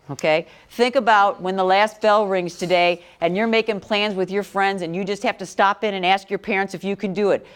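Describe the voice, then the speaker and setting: A middle-aged woman teaching a classroom about infant care, talking directly and quizzing her students. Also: lowish voice. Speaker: parenting educator. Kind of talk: classroom talk.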